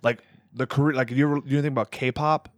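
A man's voice: medium pitch, fairly even intonation, brisk, no room sound. A young man, a comedian guest, chatting on a podcast in a loose, rambling, profane way. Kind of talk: casual podcast banter.

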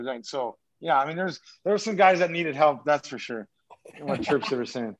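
A man's voice: medium pitch, animated, a little fast. A man who is a former pro hockey player, telling stories as a podcast guest in a rambling, profane way full of restarts. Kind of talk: casual storytelling. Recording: dull lo-fi sound.

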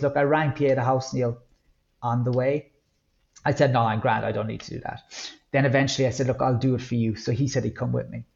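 A man's voice: mid-range voice, creaky, dull audio. A middle-aged Irish man from Ireland, a guest candidly telling his personal story in an interview, acting out quotes now and then. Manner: candid, reflective, with lively acted-out quotes.

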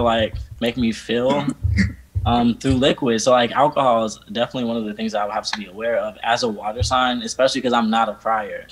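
Male co-host with a husky, breathy voice; rambling and reflective. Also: medium pitch, rough recording. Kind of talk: casual chat.

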